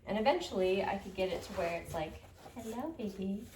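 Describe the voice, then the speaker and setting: A young adult woman dog trainer explaining a handling exercise during a session, with soothing, low-key praise for the dog between explanations. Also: fast talker, a little mellow. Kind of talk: hands-on training demonstration. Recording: roomy, distant mic, faint noise.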